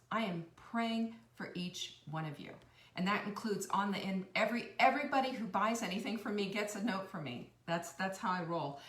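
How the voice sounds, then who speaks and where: Her voice is mid-range and a bit bright, picked up by a distant mic in a roomy-sounding room. She's a middle-aged nutritionist on a live stream, warm and gushing with viewers, wandering off topic and starting sentences over.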